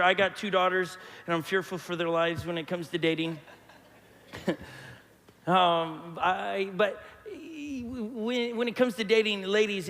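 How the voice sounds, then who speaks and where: High-voiced animated male pastor in a hall. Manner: animated storyteller, acts out quotes. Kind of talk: sermon. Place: church hall. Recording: long church hall reverb.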